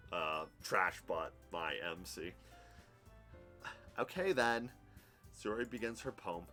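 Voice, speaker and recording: A man in his thirties talking on a live stream, chatty and candid, in a fairly low voice. He wanders from thought to thought at his desk, with faint music playing underneath. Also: fairly bright tone. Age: 30s. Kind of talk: casual live-stream chat and game narration. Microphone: headphones with desk mic.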